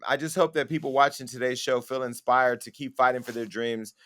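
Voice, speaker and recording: A man's voice: medium pitch, a little fast, a bit bright. A man hosting a talk show, speaking bluntly and joking in casual chat with his co-hosts. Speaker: host.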